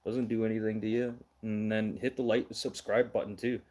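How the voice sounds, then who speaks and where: A man's voice: lowish voice, flat delivery, moderate pace, darkish tone. A middle-aged man from Manitoba, hosting a casual livestream news show, blunt and ranting, swearing now and then. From Manitoba, Canada.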